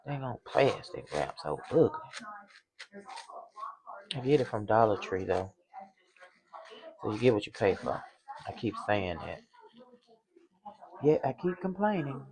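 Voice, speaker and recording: Chatty middle-aged woman, gravelly voice, crowd noise in the background. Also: very deep voice, big pitch swings, a little slow, long pauses, poor audio. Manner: chatty, exclaims and laughs often. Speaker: cooking vlogger. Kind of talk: casual kitchen chat to viewers.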